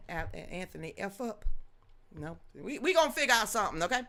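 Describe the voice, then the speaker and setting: A woman's voice: medium pitch, very animated, a little fast, a bit bright. Emphatic grandmother hosting a commentary stream. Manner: emphatic, rambling, talks back to chat. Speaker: news commentary host. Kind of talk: livestream commentary reading chat.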